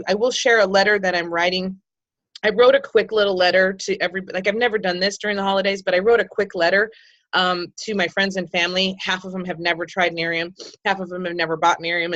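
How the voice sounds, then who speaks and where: A woman's voice: medium pitch, a bit bright. A middle-aged woman talks to her team over a video call in a loose, candid way, circling back with restarts and ums as she goes. Her voice sits in a middle range. The audio comes through dull and lo-fi. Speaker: team leader speaking to her sales team. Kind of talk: casual motivational video call.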